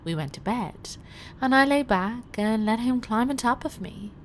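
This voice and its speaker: Brief: a woman doing a seductive detainee who toys with an officer, teasing and commanding, voice a touch high. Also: animated, unhurried, a little hiss or hum. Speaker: erotic audio performer. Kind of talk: erotic role-play narration to the listener.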